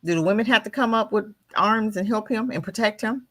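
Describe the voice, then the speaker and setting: A woman guest holds forth on a talk show. Her voice sits at a middle pitch. She speaks fiercely, in a preaching rhythm, throwing out rhetorical questions. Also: a little fast, fairly bright tone. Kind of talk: impassioned commentary.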